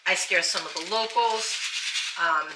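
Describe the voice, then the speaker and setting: A woman hosting a casual chat, telling a story in an animated, excitable way. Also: lowish voice, unhurried. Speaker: channel host. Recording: roomy, distant and noisy.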